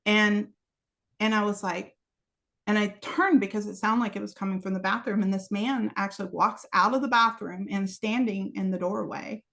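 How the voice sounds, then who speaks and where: A woman's voice: medium pitch, steady tone, normal speed, vocal fry, fairly bright tone. A woman guest on a podcast, telling a personal story in conversation, acting out the dialogue in it and laughing often, with many "you know" asides. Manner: frequent laughter while telling.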